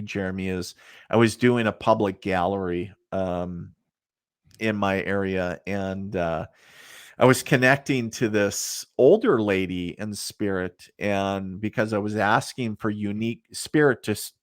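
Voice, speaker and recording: A middle-aged man talks in a fairly low voice, telling loose, rambling stories full of fillers. He is a guest on a podcast. The sound is dry and close, with no room echo. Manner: rambling, many fillers, laughs at his own stories. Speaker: guest, psychic medium. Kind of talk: casual storytelling in a podcast interview.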